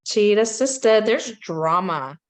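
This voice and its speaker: A woman's voice: mid-range voice, expressive, slow. A woman hosting a podcast, chatting casually and animatedly about pop culture, with plenty of gossip and giggles. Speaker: podcast host.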